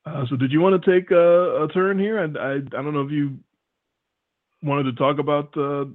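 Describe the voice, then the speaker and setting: A Midwestern man chats on a podcast, spinning stories in a loose, rambling, laid-back way. His voice sits a bit high. The sound is thin and phone-like. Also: steady tone, moderate pace. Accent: Midwestern American. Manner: rambling, laid-back storyteller who swears casually. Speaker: podcast co-host. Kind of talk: casual chat.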